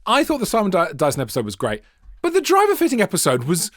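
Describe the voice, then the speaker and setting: A British man co-hosting a casual podcast, enthusiastic and quick to laugh and jump in. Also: high-pitched, wildly swooping pitch, fairly bright tone, no room sound, clean studio sound. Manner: enthusiastic, giggly, quick interjections. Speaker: podcast co-host.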